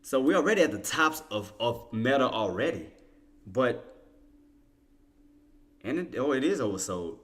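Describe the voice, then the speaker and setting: Bright-voiced man teasing his chat. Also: mid-range voice, big pitch swings, unhurried, long pauses. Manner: laughing, teasing banter with viewers; loose casual slang. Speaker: stock trading livestream host. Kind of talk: casual livestream commentary to chat.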